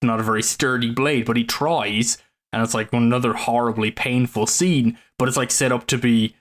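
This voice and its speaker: Guy rambling on about movies, loads of likes and you knows, mid pitch. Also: steady tone, normal speed. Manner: rambling, many fillers and restarts. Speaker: podcast co-host. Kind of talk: casual film discussion.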